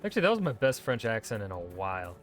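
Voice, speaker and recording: A man's voice: lowish voice, sing-song, quick pace. Man casually streaming a game. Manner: loose and joking, swears and laughs at himself. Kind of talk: casual gaming commentary and reading in-game lore aloud. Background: game music.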